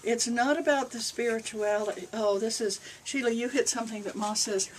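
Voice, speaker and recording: A woman's voice: a little high, fairly even intonation, a little fast. Older woman rambling through a spiritual Q&A. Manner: rambling, conversational, relays a spirit's answers. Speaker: channeling reverend. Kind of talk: spiritual Q&A talk to a group. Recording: distant mic with faint noise.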